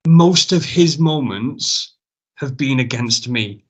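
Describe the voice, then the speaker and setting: A man's voice: mid-range voice, lively intonation, slow, breathy edge. Rambling man telling stories. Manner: rambling, self-mocking, swears freely. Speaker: guest wrestler. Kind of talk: casual storytelling chat.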